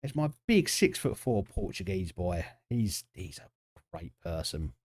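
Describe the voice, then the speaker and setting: While streaming a football management game, a man chats with viewers in a jokey, casual way, responding to chat and the match as it unfolds. He speaks unhurriedly in a low, sing-song, slightly mellow voice.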